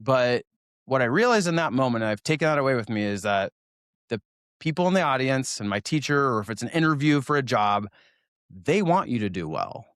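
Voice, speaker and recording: A man's voice: medium pitch, very animated, brisk, fairly bright tone, no echo, clean studio sound. A man in his forties from Oregon, telling stories from his school years as an interview guest, joking at his own expense and laughing as he talks. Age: 40s. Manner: self-deprecating, laughs while telling stories. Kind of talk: casual storytelling interview.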